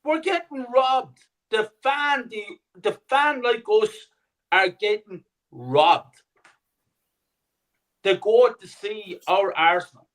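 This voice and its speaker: A man's voice: high voice, takes it slowly, long pauses, fairly bright tone, poor audio. A man talking as a guest on a fan podcast, indignant and sweary, with emphatic points. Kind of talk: podcast discussion.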